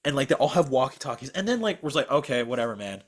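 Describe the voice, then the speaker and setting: A man's voice: medium pitch, big pitch swings, fast talker. A young man co-hosting a podcast over a video call, telling a story as a profane, exasperated rant. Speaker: podcast co-host.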